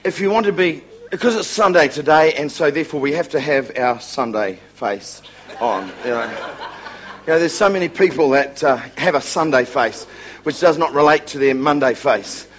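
A man's voice: a little high, lively intonation, moderate pace, slight background noise. A man preaching a humorous sermon as a revival preacher, joking and laughing often.

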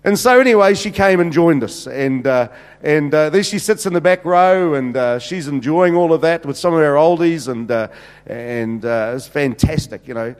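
A middle-aged senior pastor with a slightly high, clean-toned voice and lively intonation speaks at a normal pace. His sermon is built on funny stories and plenty of fillers, recorded in a church hall with long reverb.

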